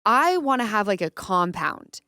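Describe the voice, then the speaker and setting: Woman, podcast host, jokey, blunt, smooth voice, dry sound. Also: mid-range voice, very animated, unhurried, sharp tone, no room sound. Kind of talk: casual chat.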